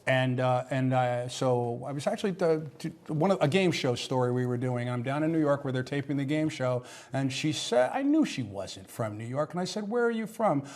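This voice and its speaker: A man's voice: medium pitch, animated, normal speed, hardly any pauses, darkish tone. A man hosting a live local election night broadcast, chatty and full of restarts as he tells anecdotes. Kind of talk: live studio broadcast chat. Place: local TV studio.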